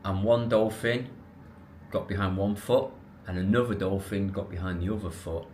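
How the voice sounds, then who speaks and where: Man, lowish voice, casual rambling storyteller vlogging to camera, faint noise behind. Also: normal speed. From England. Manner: animated, rambling with restarts and self-corrections.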